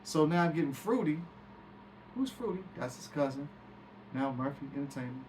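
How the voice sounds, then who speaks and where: A man's voice: on the high side, lively intonation, moderate pace, darkish tone. A man recounting a story as a guest, acting out quoted speech and swearing freely. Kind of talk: animated storytelling. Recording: distant mic with background hiss.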